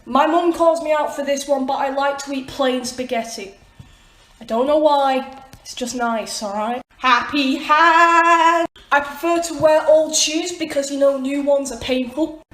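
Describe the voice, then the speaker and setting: A woman with a high voice runs through a quick list in an upbeat, matter-of-fact way. The room around her is echoey. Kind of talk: quick list-style vlog.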